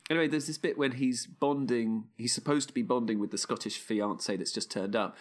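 A man co-hosting a casual film chat, with a wry, meandering delivery. He often restarts his sentences at an ordinary, mid-range pitch. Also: brisk. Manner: wry, rambling, self-interrupting. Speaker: podcast co-host.

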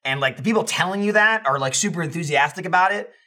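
A young man co-hosting a casual podcast, telling an animated story full of fillers and swearing. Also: high-pitched, fast. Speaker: podcast co-host.

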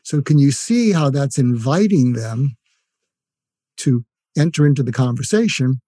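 A man's voice: medium pitch, lively intonation, a little slow, no room sound. An older man, a psychiatrist and coach as a guest, explaining techniques earnestly and acting out example phrases. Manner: earnest, demonstrates phrases in a softer voice. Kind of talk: conversational explaining with acted examples.

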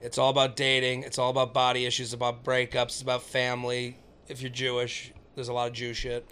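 A man's voice: mid-range voice, completely flat delivery, fairly quick, sharp tone, clear, resonant tone. A man in his thirties, a comedian guest on a podcast, rambling casually with lots of fillers and acting out quoted lines. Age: 30s.

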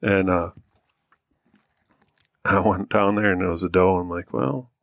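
A man with an American accent co-hosting a hunting podcast, telling a story in a relaxed, rambling way. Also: sits low, a little slow, no room sound, studio quality. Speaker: podcast co-host. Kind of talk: casual storytelling chat.

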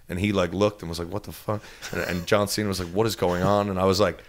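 A man in his thirties with a New Jersey accent, telling a lively story as an interview guest and acting out the quotes. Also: fairly quick, few pauses. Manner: animated, acts out quotes with big pitch jumps.

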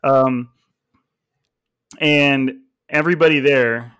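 A man's voice: medium pitch, steady tone, takes it slowly, fairly bright tone, smooth, dry recording, studio quality. A man from California hosting a sports podcast in loose, rambling casual chat. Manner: loose, rambling, laughs easily. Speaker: podcast host.

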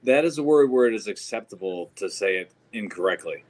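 A man in casual podcast chat, teasing and halting as he talks. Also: lowish voice, animated, a little mellow.

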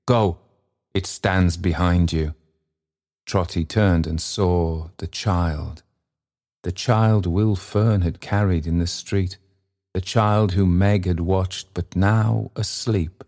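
A man narrating an audiobook in a measured, unhurried manner. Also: low voice, steady tone, a little mellow. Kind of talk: audiobook reading.

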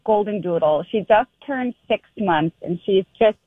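A woman's voice: medium pitch, lively intonation, moderate pace, husky, dry recording. Woman caller on a tinny phone line.

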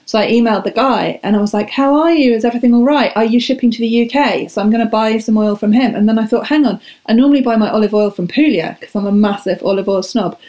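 A woman's voice: medium pitch, a little mellow. A woman talking as a guest in a casual podcast chat, enthusiastic and self-deprecating.

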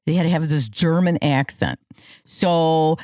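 A woman's voice: low voice, measured pace, warm tone, dry recording, clean studio sound. A middle-aged woman co-hosting a casual chat, rambling through stories and restarting her sentences mid-thought.

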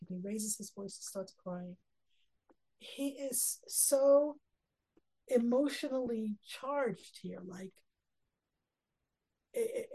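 A woman's voice: a little high, mellow, husky, rough recording. A woman teaching a Torah lesson, reading Hebrew verses and explaining them earnestly. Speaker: Bible teacher.

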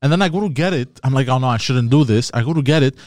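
A man in casual chat, recalling a story in a halting, sheepish way with many fillers. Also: mid-range voice, dry recording.

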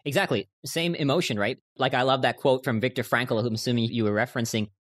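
A man's voice: mid-range voice, quick pace, fairly bright tone. A man talking as a podcast guest, earnestly explaining his ideas through stories and quotes. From United States. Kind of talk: conversational interview.

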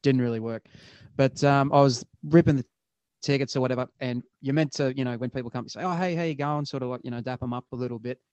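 A man tells a dry workplace story at a brisk clip, acting out the back-and-forth. His voice sits at an ordinary middle pitch. It is captured close with no room sound. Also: a little mellow, clean tone, dry recording, highs cut off. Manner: quick, wry, acts out dialogue. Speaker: podcast co-host. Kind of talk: casual storytelling chat.

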